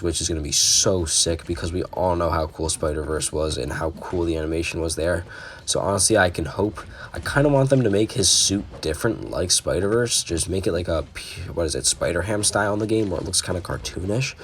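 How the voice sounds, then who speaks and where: A young man giving casual, excitable game commentary, ranting from low mutters to loud outbursts. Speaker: gaming YouTuber.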